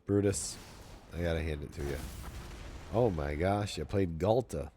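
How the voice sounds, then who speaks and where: A man's voice: sits low, a little slow, mellow, a little hiss or hum. A middle-aged man streaming a card game, chatting casually and goofily to his viewers with jokey asides. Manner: goofy, self-mocking, jokey asides to chat.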